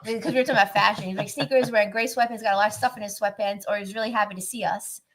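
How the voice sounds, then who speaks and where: A woman's voice: mid-range voice, fairly even intonation, racing, a little hiss or hum. Chatty woman hosting a podcast. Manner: chatty, playful, joking. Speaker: host. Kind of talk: casual podcast chat.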